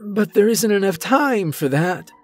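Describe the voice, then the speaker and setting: A man's voice: high-pitched, expressive, unhurried, darkish tone, faint music behind, pitched above the performer's own voice. A man voicing a frantic, weeping old man of about eighty who pleads through tears. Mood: despairing. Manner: wailing, pleading, tearful.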